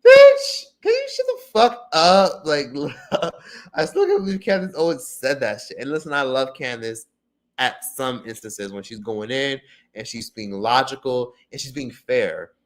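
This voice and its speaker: A man hosting a casual livestream and reading viewer comments. He is profane and excitable, with loud outbursts that drop to low mutters. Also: unhurried. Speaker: livestream host.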